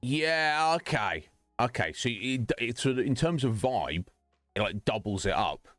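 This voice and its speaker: A man's voice: mid-range voice, big pitch swings, a little slow, a bit bright, no room sound, faint music behind. A man streaming and chatting casually with his viewers, rambling, joking and laughing often.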